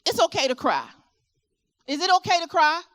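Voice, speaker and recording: Middle-aged virginia woman w/ southern twang, high voice, talks to the crowd and keeps asking them stuff. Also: normal speed. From Virginia, USA. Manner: animated, asks the audience questions, rising and falling delivery. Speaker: expo speaker and caregiver. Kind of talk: motivational talk to a live audience. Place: expo hall with a live audience.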